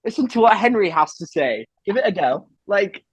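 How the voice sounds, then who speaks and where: A man putting on a mock British accent, playing a chatty, flirty British man with a husky voice in a casual podcast. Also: high voice, sing-song, fairly quick, dry recording, pitched above the performer's own voice, full character voice. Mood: cheeky. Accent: put-on British.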